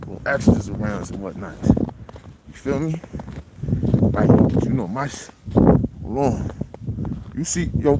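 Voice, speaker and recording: Young man, slangy rambling vlog talk, phone video outdoors, steady wind noise behind. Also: mid-range voice, normal speed, pauses often, low-quality recording. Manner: slangy, rambling, jokey, lots of filler. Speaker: vlogger. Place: outdoors in a snowstorm. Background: clear wind and outdoor noise.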